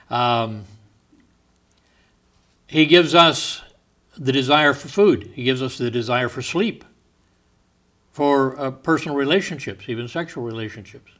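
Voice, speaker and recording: A male pastor preaching a sermon in church, talking with asides and chuckles, slowing down to stress the scripture he reads. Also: medium pitch, a bit bright.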